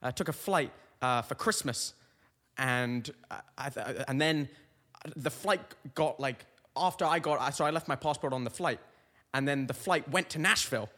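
A man's voice: mid-range voice, normal speed, fairly bright tone, in a large hall. A young man hosting a comedy podcast, telling meandering, self-mocking stories full of tangents. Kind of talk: rambling comic monologue.

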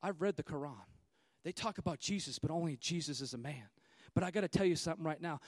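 A man in his thirties preaching a sermon, swinging between loud, fiery declarations and hushed, quiet stretches. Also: on the high side, fast talker, no echo. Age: 30s. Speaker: pastor.

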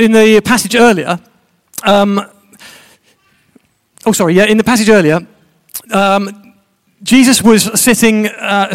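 A man preaching a sermon, chatty and joking with his congregation. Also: high-pitched.

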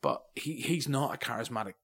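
A man's voice: medium pitch, animated, a little fast, a bit bright, breathy edge. An Irish man hosting a podcast, chatting casually about a film, rambling and wry with many asides. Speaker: podcast host. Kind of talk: casual film review chat.

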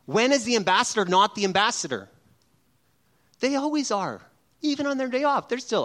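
A middle-aged pastor delivers a sermon in a notably high voice for a man. He is animated and playful, and often slips into acted-out scenes to make his point. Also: normal speed. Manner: animated and humorous, acting out little scenes.

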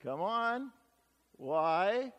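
A man's voice: high-pitched, big pitch swings, very slow, fairly bright tone, long reverb tail. A man preaching a sermon as pastor, talking in a conversational, folksy way with stories and asides.

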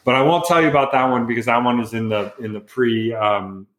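A man's voice: mid-range voice, steady tone, a little fast, fairly bright tone. A middle-aged man, a photographer and entrepreneur, telling rambling, profane, self-mocking stories as a guest in a casual interview. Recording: echoey room.

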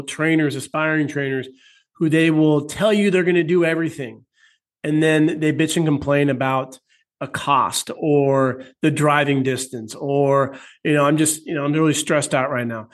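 American male coach-host, casual and profane, fairly high voice. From United States. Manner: loose, profane, animated storytelling. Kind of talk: casual interview chat.

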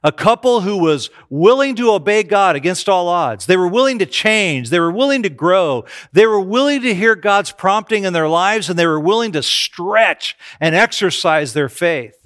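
A man's voice: sits high, animated, normal speed, hardly any pauses, a bit bright. A middle-aged man preaching a sermon, telling self-deprecating stories to his congregation. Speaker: pastor.

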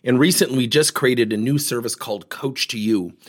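A man's voice: medium pitch, a little fast, no echo, clean studio sound. A man hosting a coaching podcast, telling a story and acting out the dialogue.

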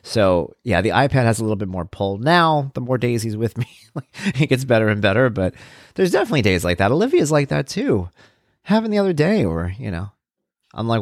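This podcast host and parenting blogger sounds very animated, his medium-pitched voice brisk as he rambles about parenting and his blog. The casual monologue is conversational and self-deprecating, recorded at studio quality with no room sound.

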